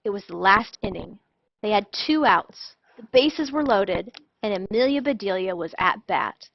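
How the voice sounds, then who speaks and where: A woman reading a children's storybook aloud in an expressive, animated way. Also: mid-range voice, measured pace, no echo. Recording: dull lo-fi dry sound.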